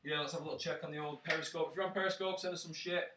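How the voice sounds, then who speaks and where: A man's voice: on the high side, steady tone, racing. A man co-hosting a podcast in a cheeky, sweary, joking way. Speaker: podcast co-host. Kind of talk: casual chat. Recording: echoey room, distant mic, faint hiss.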